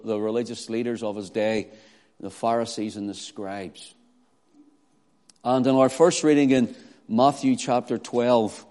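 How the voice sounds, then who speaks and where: A man preaching a sermon, rising from quiet prayer into loud, emphatic delivery. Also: lowish voice. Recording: long hall reverb.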